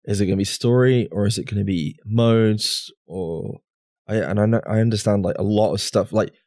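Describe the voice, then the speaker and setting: A man co-hosting a gaming podcast in a loose, rambling chat. His voice sits on the low side. The sound is close and dry, with no room around it. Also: moderate pace, mellow, no room sound. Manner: rambling, restarts, filler words. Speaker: podcast co-host. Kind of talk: casual chat over drinks.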